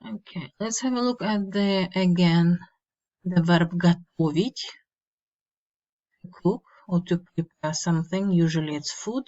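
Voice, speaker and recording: A woman teaching a slow, step-by-step grammar lesson, repeating each word and giving its meaning. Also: lowish voice, dark tone. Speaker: language teacher. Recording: dull lo-fi mic.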